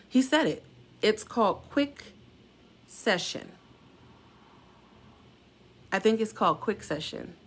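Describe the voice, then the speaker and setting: Animated middle-aged woman telling a story. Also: slow, long pauses, breathy edge. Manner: animated, acts out quoted voices with big pitch jumps. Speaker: salon suite owner sharing a warning. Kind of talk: casual storytelling to followers.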